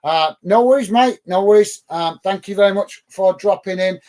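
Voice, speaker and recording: Middle-aged English man, higher-pitched, casual and fired-up football fan host, lots of fillers. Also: moderate pace, a little mellow. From England. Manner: chatty, gets worked up and emphatic, many ums and uhs. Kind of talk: live watch-along chat reading viewer comments.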